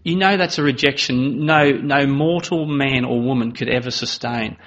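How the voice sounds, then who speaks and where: A man's voice: mid-range voice, moderate pace, few pauses, fairly bright tone. A man preaching a sermon in an earnest manner, voice rising dramatically when he acts out quoted lines. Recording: slightly dull, lo-fi sound.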